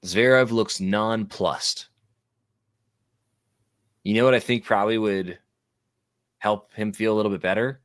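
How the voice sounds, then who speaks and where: Deep-voiced man joking through a tennis watchalong. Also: steady tone, dry recording, studio quality. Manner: playful, jokey, quick to riff. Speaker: watchalong co-host. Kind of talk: casual live commentary chat.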